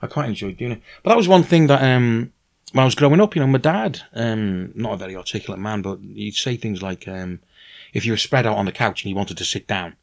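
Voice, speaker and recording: A Welsh man being interviewed as a novelist, speaking in a lively, earnest way with many restarts. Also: fairly low pitch, fairly quick, creaky. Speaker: novelist guest. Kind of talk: casual conversational interview.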